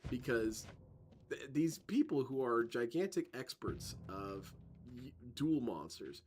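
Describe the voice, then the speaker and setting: A man's voice: mid-range voice, lively intonation, slow pace, darkish tone, slight background noise. A man giving loose, joking commentary as he plays a stealth game, drifting into tangents. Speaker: let's play host. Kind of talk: gameplay commentary. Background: game music.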